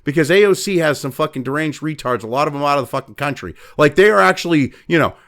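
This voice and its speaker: Brief: male commentary host, high-pitched and gravelly, furious, profane, mocking rant. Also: lively intonation, fast, a bit bright.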